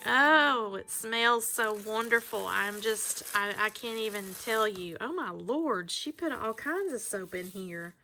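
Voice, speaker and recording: Gushing woman with a gravelly, bright voice. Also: a little high, lively intonation, a little slow, few pauses. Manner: gushing, emotional, exclaiming over each item. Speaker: vlogger showing handmade soap mail. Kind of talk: casual unboxing chat.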